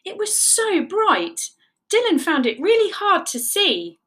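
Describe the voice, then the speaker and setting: A woman telling a children's story in an animated, encouraging way, cheering the young listeners through the counting. Her voice is bright and lively, and she takes it slowly. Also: very high-pitched.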